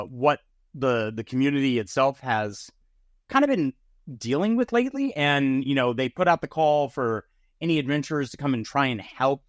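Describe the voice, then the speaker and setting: A man's voice: mid-range voice, no echo, clean studio sound. A man running a tabletop game as game master, narrating casually with plenty of fillers.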